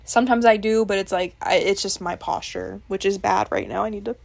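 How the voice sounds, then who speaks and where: Young woman vlogging, kinda gravelly voice, swears a lot, laughs at herself, super candid. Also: medium pitch, steady tone, brisk. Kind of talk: casual confessional chat.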